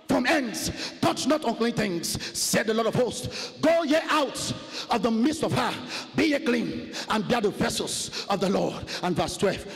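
A man preaching a fiery sermon testimony, chanting and shouting repeated refrains. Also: extremely high pitch, lively intonation, unhurried, creaky, few pauses. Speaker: pastor. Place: large conference hall. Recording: long hall reverb.

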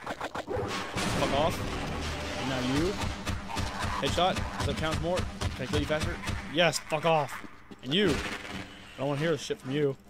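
Cursing gamer man, higher voice. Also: moderate pace, long pauses, over loud music. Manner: profane, yelling at enemies; sarcastic asides. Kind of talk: let's play commentary.

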